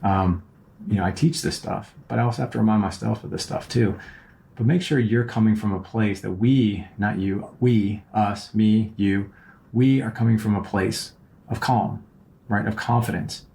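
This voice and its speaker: Low gravelly man giving earnest advice. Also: moderate pace, mellow. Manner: earnest, rambling, repeats words and keeps asking "right?". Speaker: podcast host and relationship coach. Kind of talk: casual advice monologue.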